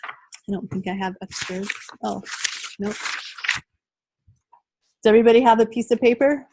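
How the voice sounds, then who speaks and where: A woman's voice: a little high, moderate pace, noisy background. Conversational woman leading a workshop. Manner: conversational, addresses the group directly. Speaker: trainer. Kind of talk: live workshop training.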